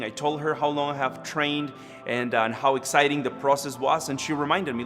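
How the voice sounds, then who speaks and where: In a church auditorium, a Costa Rican man earnestly shares his personal testimony at a service, often restarting his sentences. His voice is on the high side, steady, brisk and a bit bright. Long hall reverb and music run underneath.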